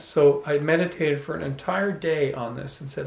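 A man's voice: on the high side, moderate pace, gravelly, a little mellow, echoey room. A man telling a personal story to a small audience, reflective, with restarts and repeated words. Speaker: speaker at a salon talk. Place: room with a small live audience.

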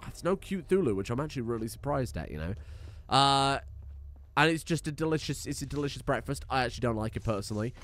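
A man's voice: mid-range voice, animated, quick pace, a bit bright. A man giving casual, jokey, rambling gameplay commentary as a streamer, swearing freely.

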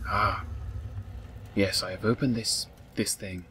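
A man's voice: on the low side, fairly even intonation, slow, pauses often, background noise. A man giving comedic let's play commentary in a mock-formal narrating manner, with whispered asides. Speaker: gaming YouTuber.

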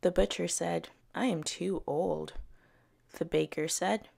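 A woman reads picture books aloud to young children at a slow, unhurried pace. Her voice sits a little low and carries a heavy gravelly fry. She gives the characters gentle, expressive voices. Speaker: early years educator. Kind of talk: children's story time reading.

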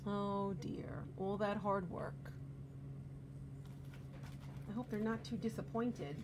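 A woman reading a picture book to children and then explaining a craft, gentle and exclamatory, often asking the children questions. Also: medium pitch, slow pace. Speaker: children's librarian. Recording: steady background hum.

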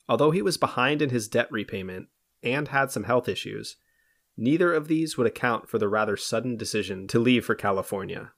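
A male podcast host who tells a history story from a script and banters casually between passages. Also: on the low side. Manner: reads prepared narration steadily, then banters loosely. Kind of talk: scripted history narration mixed with casual chat.

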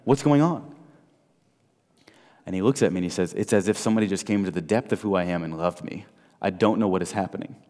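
A man preaching an evangelistic sermon, telling stories and swinging between loud and soft. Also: deep voice, steady tone, very fast, few pauses. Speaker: guest speaker. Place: large church hall. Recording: long hall reverb.

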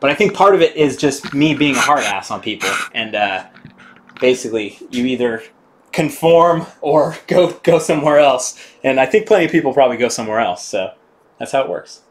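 A man's voice: medium pitch, expressive, a little fast, background noise. A man hosting a casual live stream while working on his bike, rambling and swearing casually as he reads chat aloud.

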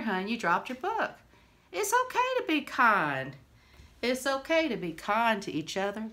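A woman's voice: on the high side, pushed and bright. A woman, chatting to camera in a rambling, friendly way and laughing often. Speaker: vlogger. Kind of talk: casual chat to camera.

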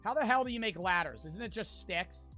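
A young man with an American accent, streaming a game live and talking to his chat, profane and quick to get frustrated. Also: sits high, animated, bright, forceful tone, soft background music. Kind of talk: casual livestream gameplay chat.

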